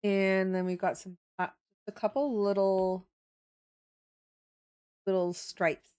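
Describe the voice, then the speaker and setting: A woman's voice: mid-range voice, little pitch movement, slow, a little mellow, clean tone. A young woman hosting a livestream, chatting casually while she draws and laughing often as she reads and answers her chat. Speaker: livestream host.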